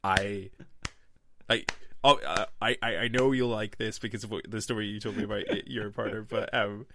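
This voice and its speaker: A man hosting a podcast and telling stories in casual chat, laughing often and breaking into loud impressions. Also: fairly low pitch, fairly quick, gravelly, a little hiss or hum. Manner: animated storyteller, laughs often, bursts into loud mimicry. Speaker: podcast host.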